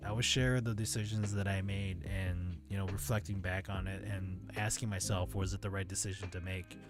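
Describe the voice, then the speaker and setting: A man's voice: deep voice, fairly even intonation, normal speed, over music. A man talking casually on his livestream, reading out viewer comments and answering them candidly, now and then swearing. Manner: candid and conversational, often swears.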